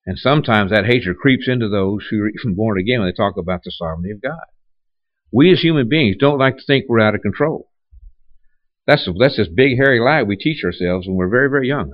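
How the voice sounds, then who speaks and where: Low-voiced man preaching a sermon. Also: lively intonation, brisk, no echo, muffled recording. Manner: conversational preaching with repeated restarts and rhetorical questions. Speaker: pastor.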